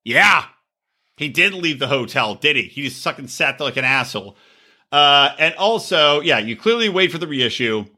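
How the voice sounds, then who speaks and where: A man's voice: fairly high pitch, normal speed. A middle-aged man co-hosting a podcast, recapping reality TV in profane, jokey casual chat. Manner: animated, profane, jokey, puts on silly voices. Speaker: podcast co-host.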